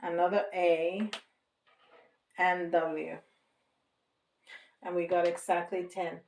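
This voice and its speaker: A woman giving a casual tarot reading to viewers, slow and reassuring, with frequent light laughter. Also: on the low side, level tone, darkish tone. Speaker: tarot reader. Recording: roomy, from a distance.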